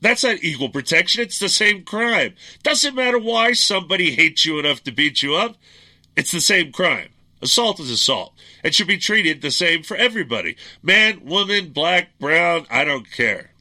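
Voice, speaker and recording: A middle-aged man rants on his own talk radio show, blunt and combative. His voice is sharp and bright and sits a bit high for a man. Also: big pitch swings, normal speed, few pauses. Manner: angry ranting, blunt and combative. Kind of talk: political talk radio monologue.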